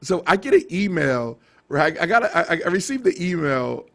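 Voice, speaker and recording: A middle-aged man, a TV station director, telling stories in a casual interview, animated and laughing, with many restarts. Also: a little high, normal speed, vocal fry.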